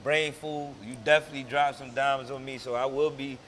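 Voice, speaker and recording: A man's voice: mid-range voice, level tone, a little fast, fairly bright tone, slight background noise. A man hosting an interview, laid-back and affirming, speaking in casual slang. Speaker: interview host.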